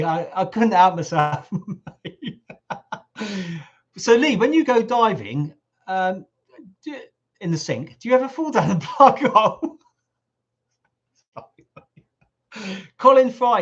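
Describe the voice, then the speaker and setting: A middle-aged man hosts a casual live stream, joking and teasing as he answers viewers. His voice sits fairly high for a man and is wearing a little hoarse. The sound is dull and lo-fi. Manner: jokey, teasing, chatty. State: voice going hoarse. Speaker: livestream host reading viewer comments. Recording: lo-fi livestream audio.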